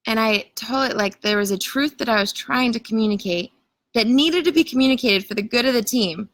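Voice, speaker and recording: Woman, live-stream coach, bright voice, casual filler-heavy delivery, dry close sound. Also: medium pitch, normal speed, dry recording, rough recording. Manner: greets viewers and reads comments aloud. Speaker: coach leading an online challenge.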